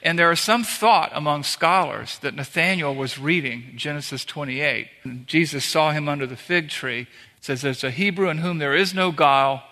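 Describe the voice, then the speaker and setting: Male pastor, bright voice, conversational sermon with acted-out quotes, long reverb. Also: on the high side, moderate pace. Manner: conversational preaching, acts out quoted lines.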